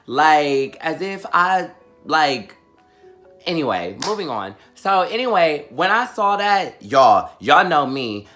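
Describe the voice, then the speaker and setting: A young man spins a dramatic storytime for his vlog with a bright, forceful tone. His delivery is animated and peppered with fillers. Faint music plays underneath. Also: fairly high pitch. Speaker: vlogger.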